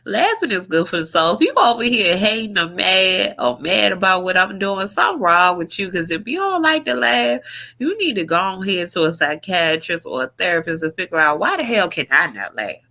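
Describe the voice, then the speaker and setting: A woman chats through a casual commentary vlog in a bright, forceful voice. She is loud and profane, talks straight to her viewers as y'all, and keeps breaking into high shrieking laughter. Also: animated, normal speed, vocal fry. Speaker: YouTube commentary vlogger.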